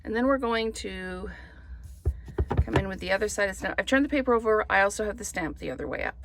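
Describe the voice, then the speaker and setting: Chatty woman with a gravelly voice. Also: mid-range voice, fast talker, fairly bright tone, no echo. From Canada. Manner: chatty, thinks aloud while crafting. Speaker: papercraft demonstrator. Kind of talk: casual card-making tutorial.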